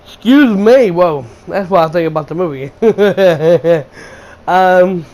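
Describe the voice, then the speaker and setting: High-voiced man ranting a blunt review. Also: slow pace, a little mellow, low-quality recording. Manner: exasperated, blunt and profane. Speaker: video game channel host reviewing a movie.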